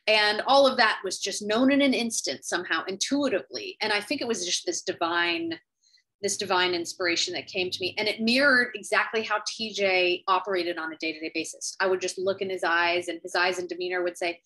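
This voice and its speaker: A woman speaking as an author, telling a heartfelt personal story to camera over a video call, earnest and unhurried with thoughtful pauses. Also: on the low side, pushed and bright, low-quality recording. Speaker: author sharing her story.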